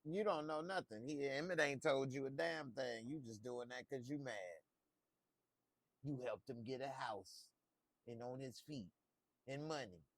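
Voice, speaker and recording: This male TV reviewer speaks at a measured pace in a medium-pitched voice, with no echo. His reaction to the episode is easygoing and jokey, and he responds directly to what he watches.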